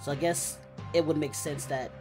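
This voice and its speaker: A woman voicing a brash, excitable adult male martial artist hero, giving in-character reaction commentary and yelping at the screen. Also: low-pitched, normal speed, music in the background, lightly acted. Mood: calm. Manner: excitable, yelps and shouts at the screen. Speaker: reaction video host.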